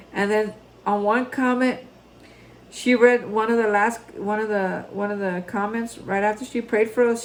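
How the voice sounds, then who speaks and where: A man giving a heartfelt daily reflection to viewers, rambling with restarts and ending in earnest, hushed encouragement. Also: high-pitched, a little hiss or hum, poor audio. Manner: rambling, repeats and restarts, addresses viewers as folks. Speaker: recovery vlogger.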